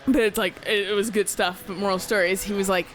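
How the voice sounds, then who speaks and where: A woman's voice: mid-range voice, fast talker, soft background music. A young woman chatting casually while a friend plays a game, telling a story with plenty of swearing and laughter. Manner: swears a lot, laughs often, animated storytelling. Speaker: co-host of a gameplay channel. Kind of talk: casual chat over gameplay.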